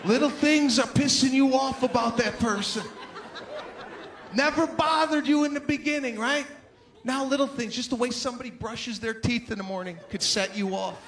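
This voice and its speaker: A stand-up comedian man works the stage with a strikingly high, animated voice, slipping into the voices of the people in his stories. Clear audience noise sits behind him throughout the live set. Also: normal speed. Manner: animated, acts out characters' voices.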